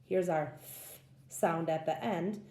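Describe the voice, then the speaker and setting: A woman teacher walks through a phonics lesson, sounding out each word with care. Her voice is low and mellow, and her pace is unhurried. The recording has a roomy echo around it. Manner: slow, patient sounding-out of words.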